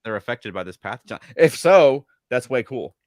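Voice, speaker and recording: Male co-host, expressive swooping delivery, upbeat, close dry sound. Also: medium pitch, no echo. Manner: upbeat, quick agreeable chatter. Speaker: podcast co-host. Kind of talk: casual chat.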